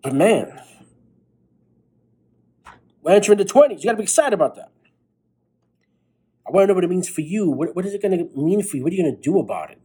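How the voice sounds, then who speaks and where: A man's voice: high-pitched, sing-song, fast talker, long pauses, dark tone, husky, poor audio. A young man hosting a podcast, giving a blunt, profane motivational monologue late at night while tired. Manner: blunt, profane, fired-up pep talk. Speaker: podcast host.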